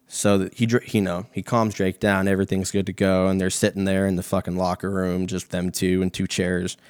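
Deep-voiced man, dry close sound, rambling profane storyteller with lots of "like" and "you know". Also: level tone, brisk, a little mellow, clean tone, no room sound. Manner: rambling, profane, filler-heavy. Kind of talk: casual storytelling.

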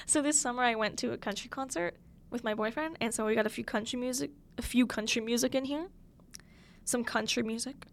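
A young woman hosting her own podcast alone in a small studio, chatting casually and gushing, swinging between loud bursts and soft near-whispers. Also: a little high. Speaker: podcast host. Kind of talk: casual solo podcast chat. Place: small studio room with a window.

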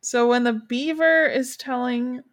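A woman's voice: a little high, steady tone, unhurried. A young woman hosts a casual book podcast. She talks bluntly with a wry edge and reads passages aloud. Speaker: podcast host.

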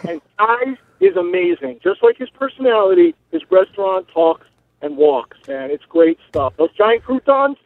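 A man's voice: extremely high pitch, big pitch swings, normal speed, vocal fry, no echo. A man calling in to a radio show, talking casually and enthusiastically. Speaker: caller. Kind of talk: call-in chat. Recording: phone line.

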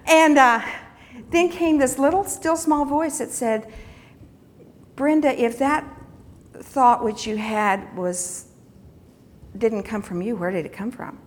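A woman's voice: fairly high pitch, slow pace, pauses often. A woman giving a sermon, telling a personal story in an earnest, reflective way. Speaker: teacher giving a devotional talk.

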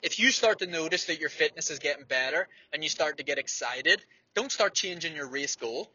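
Blunt, sharp-voiced man. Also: on the high side, lively intonation, brisk, breathy edge, highs cut off. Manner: blunt, swearing, fired-up. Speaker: distance runner giving training advice. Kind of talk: motivational monologue.

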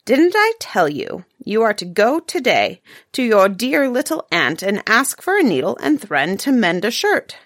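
A woman's voice: medium pitch, big pitch swings, measured pace, fairly bright tone, no room sound, clean studio sound. A woman voicing a cruel bony stepmother in a fairy tale, snapping out commands. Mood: harsh.

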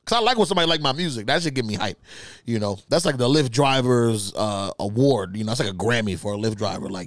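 A man hosting a podcast alone, telling stories in casual, profane, animated talk with laughs. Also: mid-range voice, fairly quick, no room sound, clean studio sound. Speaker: podcast host. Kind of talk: casual solo storytelling.

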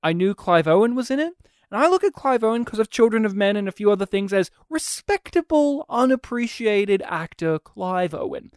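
Animated, laughing podcast host. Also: medium pitch, no echo, studio quality. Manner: animated, laughing often, quick bursts. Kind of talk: casual film chat.

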